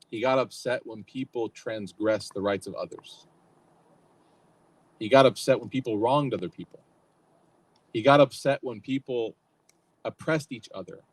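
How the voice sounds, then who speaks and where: A man's voice: fairly high pitch, poor audio. A young man giving a casual religious talk, telling stories conversationally and acting out the quotes. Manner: conversational storytelling, acts out quotes. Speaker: youth program speaker.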